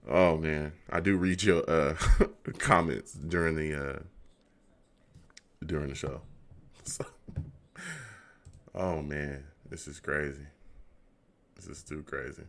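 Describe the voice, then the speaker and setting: Slow, low-voiced exasperated man hosting. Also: steady tone, creaky. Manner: laughs often, exasperated, repeats phrases. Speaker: host of a call-in fan radio show. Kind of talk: casual livestream chat.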